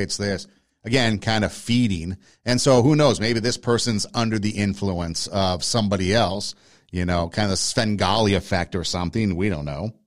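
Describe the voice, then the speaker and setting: A man hosting a podcast, giving argumentative opinion commentary and speaking straight to his listeners. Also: fairly low pitch. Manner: argumentative, addresses listeners directly. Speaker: podcast host.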